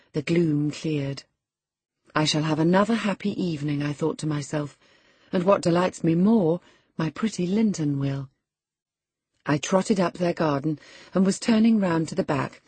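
A woman voicing a spirited, proud young woman who tells her story in a lively, scornful way. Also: deep voice, husky, dry recording.

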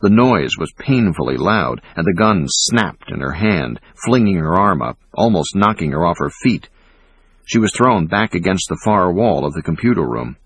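A man reading a thriller audiobook in a measured, dramatic way. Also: deep voice, very animated, husky, no room sound. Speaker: audiobook narrator. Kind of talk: scripted narration.

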